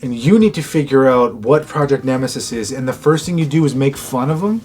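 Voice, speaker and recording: A man's voice: mid-range voice, expressive, brisk, darkish tone, soft background music. A man co-hosting a casual show review, talking in an exasperated, rhetorical way. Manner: exasperated, rhetorical, mimics characters. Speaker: co-host.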